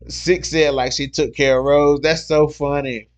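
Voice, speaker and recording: An excitable man hosts a casual livestream about fights, reading viewer comments aloud as they come in. He talks in loose slang and repeats his points over and over. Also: fairly high pitch, measured pace, clear, resonant tone. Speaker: MMA livestream host.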